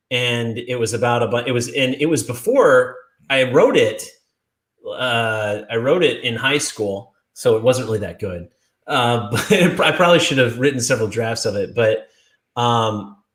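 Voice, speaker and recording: Chatty man in an echoey room. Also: medium pitch. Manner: rambling, animated storyteller, full of restarts and laughs. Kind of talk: casual video chat. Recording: roomy echo.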